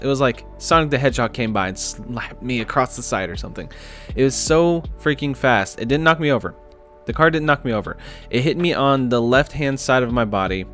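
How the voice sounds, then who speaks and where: A man's voice: medium pitch, a bit bright. A man hosting a podcast, telling a personal story in a casual, chatty way with many fillers and restarts. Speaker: podcast host.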